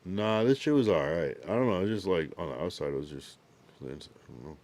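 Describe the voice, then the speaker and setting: This young streamer has a low, darkish voice and talks briskly and animatedly, though he's sleepy and yawns from time to time. He chats casually with viewers and reads their comments in a laid-back, drowsy way, full of slang and loose asides.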